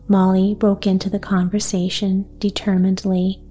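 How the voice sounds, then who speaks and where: A woman reading a gentle bedtime story aloud in a soft, unhurried way. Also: mid-range voice, steady tone, breathy edge, soft background music.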